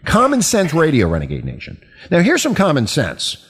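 A man's voice: fairly high pitch, wildly swooping pitch, normal speed, a bit bright, husky. A man hosting a talk radio show who talks off the cuff in a brash, profane, rambling way.

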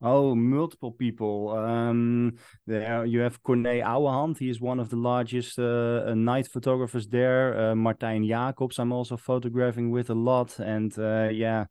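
Dutch male guest, non-native English, modest and hesitant, mid pitch, dry close recording. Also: little pitch movement, normal speed, darkish tone, clean tone, no echo. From Netherlands. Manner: modest, hesitant with fillers, laughs often. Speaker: guest, night photographer. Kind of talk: casual interview chat.

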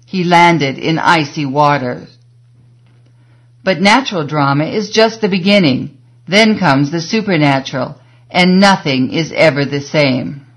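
A woman narrating an audiobook in a measured, scripted reading that slows for emphasis. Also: low-pitched.

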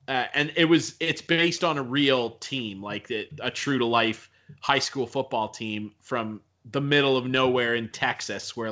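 Bright-voiced casual male co-host. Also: medium pitch. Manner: animated, jokey, self-deprecating. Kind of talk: casual chat.

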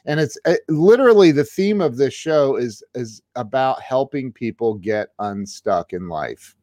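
A man's voice: mid-range voice, expressive, unhurried, darkish tone, no echo, clean studio sound. Eager, friendly male podcast host. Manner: friendly, eager, frequent fillers and restarts. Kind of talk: casual interview. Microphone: video call.

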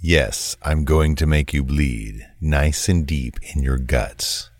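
A man reading the lines of a cold, controlling, menacing man in a flat, commanding way, in a true crime story. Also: a bass voice, takes it slowly, no echo, clean studio sound, exaggerated voice.

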